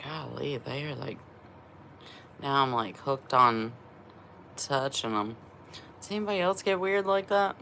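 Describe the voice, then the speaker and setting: A woman's voice: rumbling low, a little slow, vocal fry, pauses often, sharp tone, slight background noise. A middle-aged woman vlogging in casual chat, laughing often and swearing freely while feeling unwell from a cleanse.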